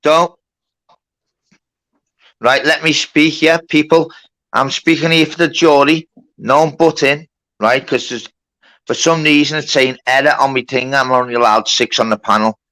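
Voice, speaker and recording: A man's voice: medium pitch, steady tone, normal speed, pauses often, a bit bright, dry recording, rough recording. A man hosting a mock court on a live stream, laying down rules and swearing at people who interrupt. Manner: bossy, sweary, keeps order. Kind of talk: casual live-stream moderation.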